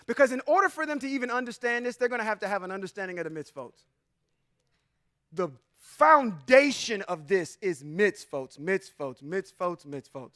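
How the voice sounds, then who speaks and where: High-pitched man teaching emphatically. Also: sharp tone, dry recording, clean studio sound. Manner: emphatic, rhetorical questions, chuckles often; informal, says y'all and come on now. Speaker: religious teacher. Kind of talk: Bible teaching to a group.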